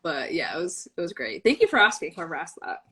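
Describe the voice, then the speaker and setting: A woman's voice: on the low side, very animated, quick pace, bright, forceful tone, low-quality recording. A young woman telling a fan story in a casual chat, gushing and breathless with many fillers. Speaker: fan panelist.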